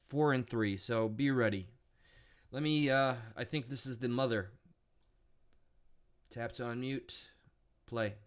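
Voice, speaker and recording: A man's voice: mid-range voice, takes it slowly, long pauses. A man hosting a live stream, reacting bluntly and indignantly to news clips, thinking aloud with restarts. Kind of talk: casual live commentary.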